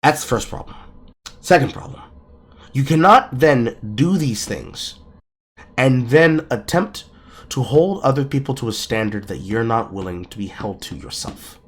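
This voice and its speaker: A man's voice: mid-range voice, lively intonation, a little slow, breathy edge. Emphatic man ranting on a podcast. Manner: emphatic, lecturing, profane. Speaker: podcast host. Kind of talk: casual podcast commentary. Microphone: streaming mic.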